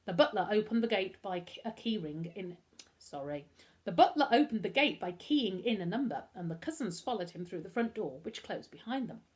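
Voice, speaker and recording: A woman teacher with an English accent reading a children's book aloud in an expressive, animated storytelling style. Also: medium pitch, moderate pace. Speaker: primary school teacher.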